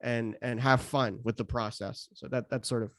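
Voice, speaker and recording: A man's voice: medium pitch, fairly even intonation, normal speed, no room sound, studio quality. A man in his thirties from the United States, a stand-up comedian talking casually on a podcast with frequent restarts and fillers. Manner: hesitant, many restarts and fillers.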